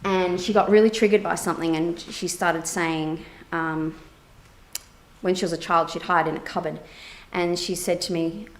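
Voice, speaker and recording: Animated woman telling a therapy story. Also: on the low side, moderate pace. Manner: animated, acts out quoted dialogue, many fillers. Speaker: therapist and keynote speaker. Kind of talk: conference keynote talk, personal storytelling.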